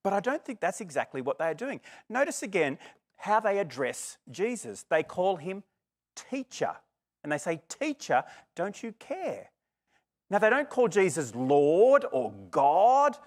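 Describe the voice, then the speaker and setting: A middle-aged man preaching a sermon, lively and expressive, acting out the voices in the story. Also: high voice, unhurried. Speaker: pastor.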